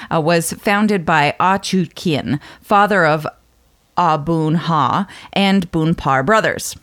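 A woman's voice: on the low side, fairly bright tone. A woman co-hosting a podcast in casual chat, explaining a topic from her notes with frequent ums and uhs. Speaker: podcast co-host.

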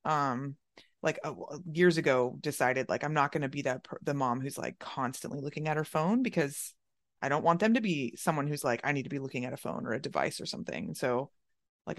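A woman's voice: sits low, no echo. A woman, a mother, chatting casually and leaning heavily on "like.". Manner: chatty, heavy use of "like". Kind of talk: casual podcast conversation.

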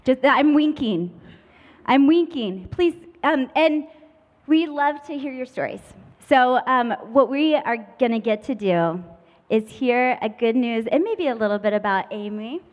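A fairly high-voiced woman hosts a live podcast from a conference stage. She talks in a playful, chatty way. The sound is dull and lo-fi and rings with long hall reverb. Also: lively intonation, measured pace. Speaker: podcast host.

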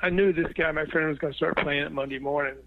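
A man's voice: a little high, fairly even intonation, quick pace. Older male guest, raised voice, lo-fi audio, anecdotal with restarts. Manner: rambling anecdotal storyteller, quotes others, frequent restarts. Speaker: guest, former record promotion executive. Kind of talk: casual storytelling interview.

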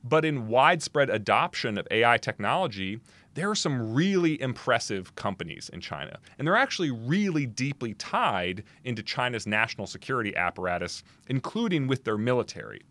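A man answering as the guest expert in a podcast interview, talking in an animated, emphatic way with quick restarts and asides. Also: mid-range voice.

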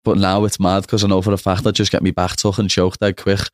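Liverpool-accented young man, chatty and low. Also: flat delivery, fast, no room sound, clean studio sound. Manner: chatty, laughs often, says "know what I mean". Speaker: guest. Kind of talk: casual chat.

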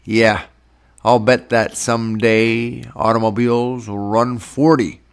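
A man's voice: medium pitch, slow pace, gravelly. A man voicing a round, jolly young man who jeers and wisecracks as the class jester, in an audiobook reading. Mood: teasing. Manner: jeering, wisecracking. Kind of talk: audiobook character voice.

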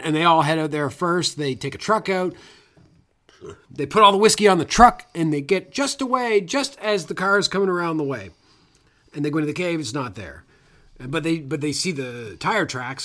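A man's voice: on the high side, lively intonation, fairly quick, fairly bright tone. Casual man recapping a film. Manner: rambling recap with fillers and profanity. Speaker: podcast co-host.

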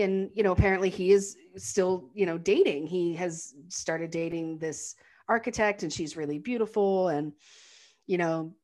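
A lower-pitched woman retelling a film. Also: moderate pace. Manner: animated retelling, acts out quotes in character voices. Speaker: podcast co-host recapping a film. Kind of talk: casual chat.

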